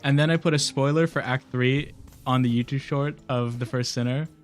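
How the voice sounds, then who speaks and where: Nasal young male streamer, mid-pitched, loose rambling chat with frequent laughs, faint music underneath. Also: steady tone, normal speed. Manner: rambling, laughs often, swears casually. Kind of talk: casual gaming stream chat.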